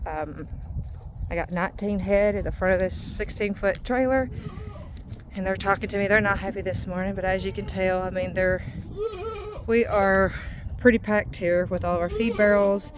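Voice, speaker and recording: Woman, casual vlogger, rambling, mid pitch. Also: steady tone, background noise. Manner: chatty, rambling, with drawn-out fillers. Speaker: vlogger and mother. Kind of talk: casual vlog chat.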